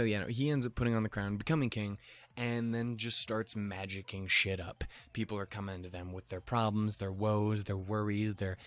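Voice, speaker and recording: A young man recapping an animated episode in casual, rambling commentary, swearing freely and wandering into jokey asides. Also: fairly low pitch. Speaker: video reviewer.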